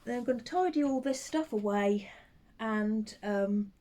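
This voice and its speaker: A woman chatting casually to camera at home, rambling with hesitant ums and soft under-breath asides. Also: a little high, a little slow. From United Kingdom. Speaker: vlogger and full-time teddy bear maker.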